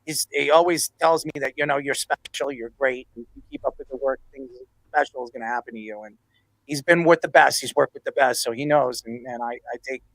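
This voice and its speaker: A man's voice: medium pitch, a little fast, creaky, a bit bright, dry recording, rough recording. A man hosting a casual sports podcast, rambling and emotional, dropping his voice when moved. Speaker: podcast host.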